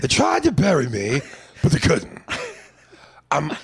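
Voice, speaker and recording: A man's voice: fairly high pitch, wildly swooping pitch, unhurried, gravelly, husky, voice pushed up, full character voice. A man putting on a whiny, nasal voice of a middle-aged man trapped in a car trunk, calling out over and over in a comedy podcast bit. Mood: pleading.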